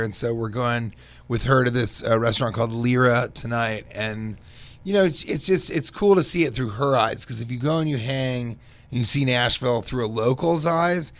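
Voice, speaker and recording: A man guest comedian chatting in a casual radio interview, an animated storyteller who slips into quoted voices of people he meets. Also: medium pitch. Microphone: studio microphone.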